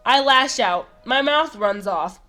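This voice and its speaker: A woman reading the lines of a nervous young man confessing his feelings in a game, earnest and halting. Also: fairly high pitch, lively intonation, pushed and bright, soft background music, full character voice. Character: nervous young man confessing love, prickly but shy.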